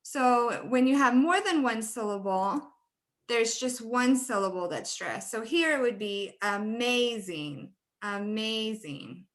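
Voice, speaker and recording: A woman's voice: on the high side, expressive, measured pace. A woman presenting a webinar training for teachers, friendly and laughing often as she demonstrates word stress.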